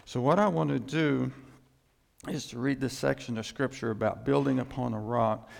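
A male pastor delivers a sermon with an emphatic, building delivery. His voice sits in a mid register with a heavy gravelly fry. The sound rings with the long reverb of a large church hall. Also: fairly even intonation, moderate pace. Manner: emphatic, rises in pitch and volume for emphasis.

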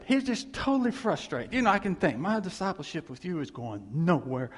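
A man preaching in a storytelling sermon style, animated and laughing as he acts out what others said to him. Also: sits high, a little fast, few pauses, slightly rough. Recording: long hall reverb.

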